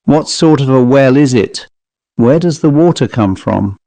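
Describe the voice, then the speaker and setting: A man's voice: medium pitch, lively intonation, a little slow, dark tone, dry recording. Man reading an offhand young archaeologist. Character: young male archaeologist, easygoing and casual.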